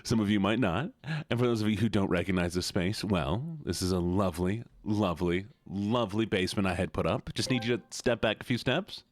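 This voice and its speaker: A man's voice: fairly low pitch, brisk, no echo. A man streaming live, chatting casually and playfully with viewers, teasing them and greeting each one by name.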